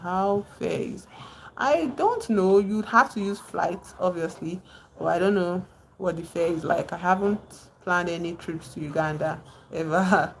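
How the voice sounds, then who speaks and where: This is a woman talking on a live stream with a slightly low-pitched voice. She retells a novel in a loose, conversational way and keeps stopping to greet people in the chat. Faint background noise sits under her voice. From Nigeria. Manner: chatty, digressive, breaks off to greet viewers.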